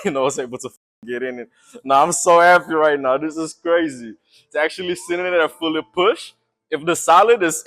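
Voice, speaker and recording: A young man vlogging in an excited, loose, rambling way, laughing often and cheering. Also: mid-range voice. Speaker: maker vlogger. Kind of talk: excited casual vlog.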